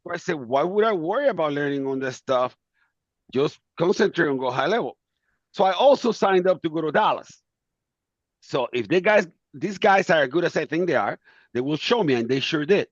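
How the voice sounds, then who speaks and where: Earnest caller on a dull video-call line. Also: male voice, a little high, animated, a little fast, dry recording. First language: Spanish. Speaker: caller asking a question. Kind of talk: casual account.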